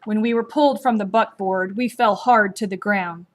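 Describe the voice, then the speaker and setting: A woman narrating a story aloud in a slow, measured, gently expressive storybook reading. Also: medium pitch, a little hiss or hum.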